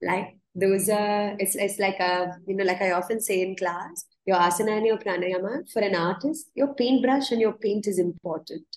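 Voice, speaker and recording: A woman's voice: mid-range voice, moderate pace, few pauses. Earnest woman yoga teacher, echoey room. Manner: earnest, repeats words as she restarts, laughs while telling stories. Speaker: yoga teacher, podcast guest. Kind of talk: reflective interview storytelling.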